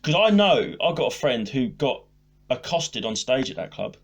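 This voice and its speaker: A man co-hosting a comedy podcast, telling a swearing, animated story about a gig and acting out the dialogue. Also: mid-range voice, normal speed. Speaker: podcast co-host, stand-up comedian. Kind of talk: casual podcast chat, storytelling.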